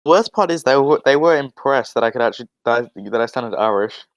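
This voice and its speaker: A man's voice: mid-range voice, lively intonation, a little fast, no echo. A young man in casual podcast chat, rambling and swearing, with many restarts. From Australia. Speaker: podcast guest.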